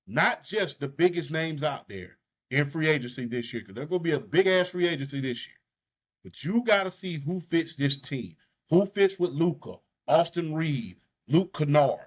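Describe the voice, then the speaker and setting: Blunt, animated Southern man talking sports. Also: on the high side. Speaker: sports podcast host. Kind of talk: casual sports talk. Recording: muffled lo-fi audio.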